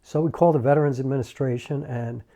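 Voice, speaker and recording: A man's voice: mid-range voice, fairly even intonation, mellow. Reflective middle-aged man telling a story. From New York. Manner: halting and reflective, many pauses and fillers. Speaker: filmmaker and YouTuber. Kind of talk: casual personal storytelling to camera.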